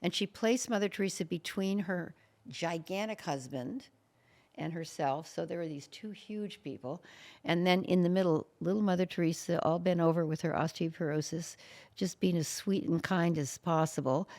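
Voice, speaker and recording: Woman guest with a low, gravelly voice, earnest storyteller, stops and restarts often. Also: a little mellow. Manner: halting, with many fillers and restarts; earnest and emotional. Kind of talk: personal storytelling in an interview.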